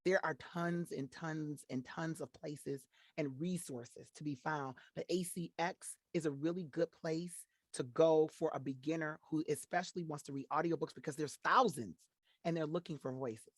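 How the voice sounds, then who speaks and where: A middle-aged woman from Detroit, a voiceover artist, chatting as a guest on an interview show in an animated, playful way. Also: normal speed, breathy edge, no echo, clean studio sound. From Detroit, Michigan. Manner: animated, playful, acts out quotes in high voices. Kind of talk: casual interview chat.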